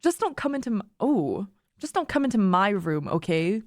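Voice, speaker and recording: A woman's voice: mid-range voice, very animated, normal speed, darkish tone, dry recording, studio quality, lightly acted. A woman reading the lines of a playful, giggly young woman who teases her guest. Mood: teasing. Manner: teasing, giggly.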